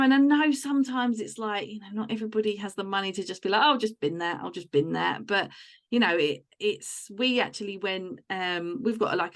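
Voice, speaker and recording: A woman hosts a relaxed podcast conversation in a mid-range voice. She is chatty and tells long, wandering stories about her household, with plenty of filler words. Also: mid-range voice. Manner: chatty, tells rambling home anecdotes. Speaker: podcast host. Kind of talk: casual chat.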